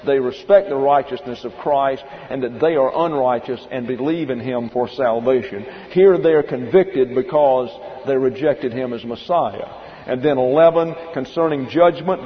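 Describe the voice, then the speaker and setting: A pastor preaching verse by verse, stopping to explain the Greek behind the words and telling listeners to note them down. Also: male voice, mid-range voice. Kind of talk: expository sermon. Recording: dull lo-fi recording in a reverberant hall.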